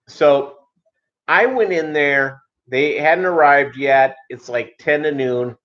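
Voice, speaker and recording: A man hosting his channel in casual live-stream chat, rambling and halting, with many fillers and restarts. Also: a little high, a bit bright. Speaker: channel host. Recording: dull lo-fi audio.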